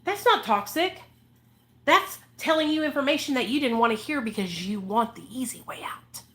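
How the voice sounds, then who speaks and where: A woman with a high, bright voice vents to her viewers in a heated vlog rant. She swears freely and repeats herself for emphasis, speaking as someone who helps people in recovery. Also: animated, moderate pace. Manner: angry, profane, emphatic, repeats points. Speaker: recovery advocate vlogger.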